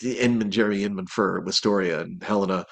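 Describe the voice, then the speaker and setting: A man's voice: low-pitched, fast talker, vocal fry. A man, a voice actor, chatting casually in an interview, rambling with restarts and acting out quotes. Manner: rambling, many restarts and fillers, animated quotes. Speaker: voice actor guest.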